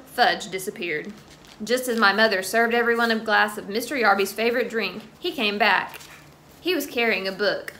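Bright-voiced woman reading a children's book aloud. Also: medium pitch, slight background noise. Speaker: storybook reader.

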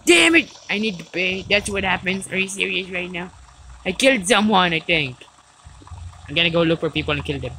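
A woman doing casual let's-play commentary, excitable, yelling and swearing at the game. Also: fairly low pitch, fairly quick, a little hiss or hum, rough recording. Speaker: gaming video host.

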